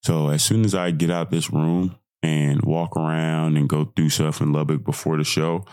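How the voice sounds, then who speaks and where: Hoarse young man, solo podcast host, deep voice, dry close sound, swings between hyped yelling and quiet talk. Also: moderate pace, no echo. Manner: excitable, swings from hyped shouting to quiet reflection. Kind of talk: casual solo podcast monologue.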